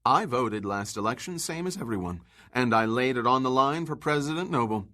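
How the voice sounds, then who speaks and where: Gossipy housewife voice, pitched way up and bouncy, a guy reading her lines. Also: expressive, a little fast, pushed and bright. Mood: breezy gossip. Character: chatty vain housewife, middle-aged woman.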